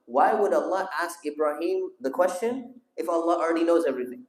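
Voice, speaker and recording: A man's voice: fairly high pitch, animated, fairly quick. Man teaching a class in an echoey hall. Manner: asks the audience questions and calls on listeners. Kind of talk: storytelling religious lesson with audience questions. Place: mosque hall.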